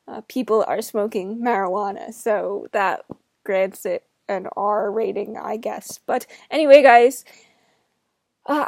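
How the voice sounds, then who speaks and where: A woman's voice: a little high, darkish tone, dry recording, clean studio sound. A woman in her twenties from New Jersey, giving a casual, rambling film review with chatty asides.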